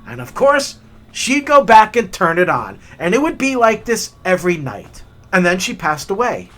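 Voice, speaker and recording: A man hosting a hiking vlog and telling stories in an animated, chatty way with many fillers. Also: sits high, normal speed. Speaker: hiking vlogger. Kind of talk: storytelling narration.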